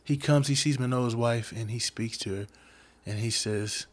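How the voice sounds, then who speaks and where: A man's voice: medium pitch, moderate pace. A man telling a Bible story in a casual, slangy way, often saying "man" and acting out the characters' lines in conversation. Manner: slangy, laid-back, says "man" a lot. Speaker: Bible study speaker.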